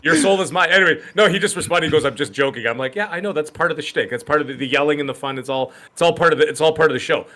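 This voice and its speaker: A man co-hosting a live-stream podcast, animated and joking, ribbing the audience in playful banter. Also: a little high, very fast, few pauses. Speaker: podcast co-host.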